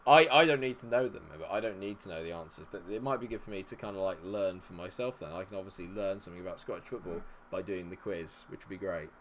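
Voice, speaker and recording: A man's voice: low-pitched, fast talker, hardly any pauses, a little hiss or hum. Sweary man streaming a football game. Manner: swings from chatty to sweary frustration, yelling at players. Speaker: gaming streamer. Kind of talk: live gameplay commentary.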